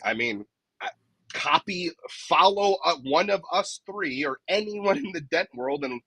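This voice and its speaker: A man's voice: on the high side, lively intonation, measured pace, bright, forceful tone, husky, no room sound, poor audio. A man who works as a dent repair technician, a guest on a casual podcast interview, explaining his advice step by step and often checking in with "right?". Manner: explanatory, tags many points with "right?".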